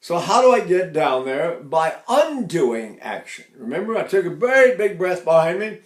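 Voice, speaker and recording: A man's voice: sits high, sing-song, moderate pace, echoey room. An older man teaching a voice lesson, who explains technique and breaks into sung phrases and sighs. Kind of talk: singing lesson with sung demonstrations.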